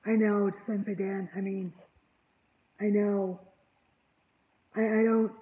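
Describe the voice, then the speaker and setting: A woman hosting her own channel, talking with guests in loose, rambling chat. She sounds exasperated and indignant, with a mellow, warm tone at an ordinary pitch. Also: level tone, slow pace, poor audio. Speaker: online channel host. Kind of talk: casual panel chat.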